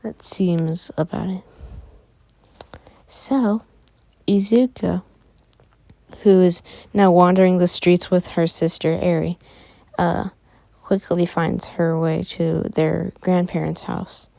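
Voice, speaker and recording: Slow halting woman storyteller. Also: lowish voice, steady tone, vocal fry, dark tone, dry recording. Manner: halting, many fillers. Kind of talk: improvised fan story narration.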